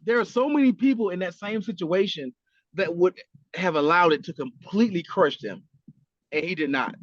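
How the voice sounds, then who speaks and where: A man's voice: high voice, normal speed, no room sound, highs cut off. A man co-hosting a podcast, talking casually and with animation, swearing a lot and acting out quotes. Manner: animated, profane, acts out quotes. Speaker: podcast co-host. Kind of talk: casual chat.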